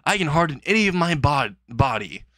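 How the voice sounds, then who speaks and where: A man's voice: on the high side, very animated, fairly quick, fairly bright tone, dry recording. A man doing a friendly tough teen boy. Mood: easygoing.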